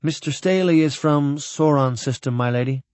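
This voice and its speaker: A man's voice: a little high, normal speed, a little mellow, no room sound, close to an everyday voice. A man reading an audiobook, voicing a keen young naval midshipman asking questions. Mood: curious.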